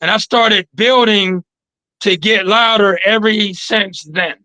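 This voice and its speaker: A man in a casual interview, telling stories in an animated, slangy way from his trophy room. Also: sits high, takes it slowly, dry recording, rough recording. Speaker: guest.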